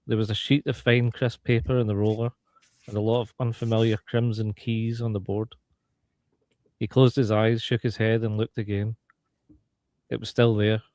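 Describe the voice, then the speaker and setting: A man reading a short story aloud on a podcast in a steady, even way. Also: lowish voice, moderate pace, no echo. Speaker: podcast co-reader.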